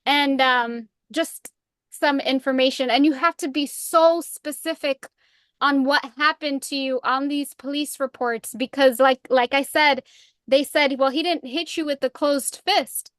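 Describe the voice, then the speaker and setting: High-voiced woman giving earnest advice. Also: steady tone, unhurried, fairly bright tone, dry recording, clean studio sound. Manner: earnest, advising, with fillers. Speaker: podcast guest. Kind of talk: casual interview talk.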